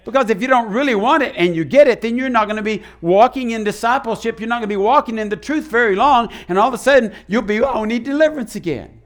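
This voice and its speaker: A man preaching a sermon as pastor, animated and acting out the voices he quotes. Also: very high-pitched, fast, few pauses.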